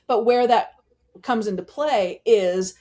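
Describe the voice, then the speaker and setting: A woman with a slightly higher voice speaks as a vocal coach in an interview. She explains voice technique in an animated way and demonstrates it as she goes. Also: takes it slowly.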